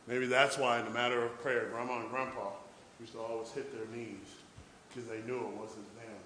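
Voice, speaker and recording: A middle-aged man preaching a sermon in church, telling a story and swinging from hushed asides to loud emphasis. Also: mid-range voice, flat delivery, normal speed, a little hiss or hum.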